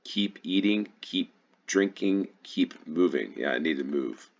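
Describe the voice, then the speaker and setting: In this casual gameplay commentary, a man hosting a GeoGuessr channel talks through a geography guessing game, unsure of himself and full of ums. He's from New York, USA, and has a Western New York accent. His low voice carries lively intonation and vocal fry at a measured pace, and the recording has its highs cut off.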